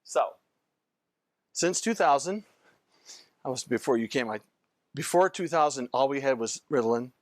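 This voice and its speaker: A man's voice: mid-range voice, lively intonation, normal speed, pauses often, dry recording. An older male physician giving an informal training lecture, rambling through anecdotes and often breaking off to restart his sentences.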